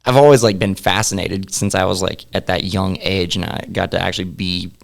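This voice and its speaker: In a casual interview chat, a young adult podcast guest rambles easily and laughs a lot. His low voice is creaky and steady, and he talks briskly.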